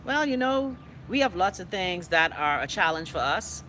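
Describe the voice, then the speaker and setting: A woman's voice: fairly low pitch, very animated, moderate pace, bright, forceful tone, slight background noise. A Bahamian woman hosting a live online show, chatting casually and outspokenly as she reads viewer comments aloud. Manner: chatty and outspoken, with playful dialect asides. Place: indoors.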